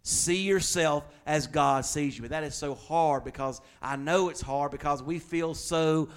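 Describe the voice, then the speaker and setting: A man's voice: fairly high pitch, unhurried, clean tone. A middle-aged male pastor preaching a sermon in a conversational way, joking, then pressing his points hard. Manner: conversational preaching with humor and sudden loud emphasis.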